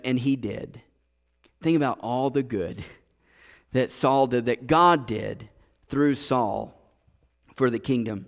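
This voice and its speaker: Slow-preaching man in a reverberant hall. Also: medium pitch, creaky. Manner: earnest, repeats and restarts words. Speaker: pastor. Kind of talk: sermon. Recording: long reverb of a large hall.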